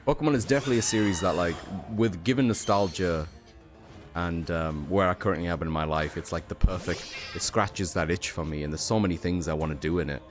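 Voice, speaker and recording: A tired young man chats through a video game, slightly low-pitched and rambling, tossing in fillers and offhand swears. Faint game music plays underneath him. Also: fairly quick. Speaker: streamer. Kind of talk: casual gameplay commentary.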